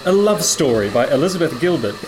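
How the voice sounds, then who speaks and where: A man's voice: on the high side, very animated, fast talker, noisy background. A man co-hosting a podcast in a cafe, joking and teasing in casual chat. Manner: joking, teasing, self-mocking. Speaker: podcast co-host. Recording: busy cafe chatter behind.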